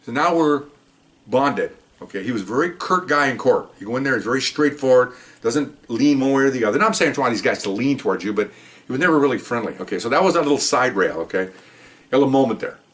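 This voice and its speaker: A man's voice: mid-range voice, expressive, quick pace. An older man, a police officer, telling rambling stories in casual chat and often checking in with "okay?". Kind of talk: casual storytelling.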